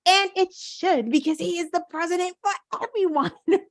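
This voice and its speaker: A woman's voice: very high voice, normal speed, no room sound. A woman hosting her own show, talking in casual political commentary with indignant rhetorical questions and swearing. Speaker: show host.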